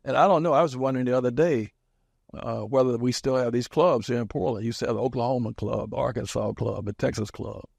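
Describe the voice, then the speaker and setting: A man's voice: medium pitch, fast, gravelly, a little mellow, dry recording. A man in his seventies from small-town Kansas, an interviewed community activist recalling his past in an emphatic, wry storytelling way and chuckling at his own anecdotes.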